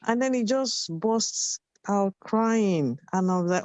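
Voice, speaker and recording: A woman's voice: fairly low pitch, slow, darkish tone, no echo. A woman joining an online discussion by video call, telling a parenting story and acting out the dialogue. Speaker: caller sharing a story.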